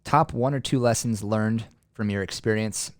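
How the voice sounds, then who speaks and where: A man's voice: fairly low pitch, moderate pace, no room sound, clean studio sound. A man hosting a podcast interview, enthusiastic and affirming as he asks questions. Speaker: podcast host. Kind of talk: casual interview chat.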